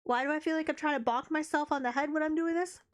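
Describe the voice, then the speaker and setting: A woman live streamer with a high-pitched voice talks quickly while playing a game. Her casual chat rambles along, and she often breaks off mid-sentence and interrupts herself.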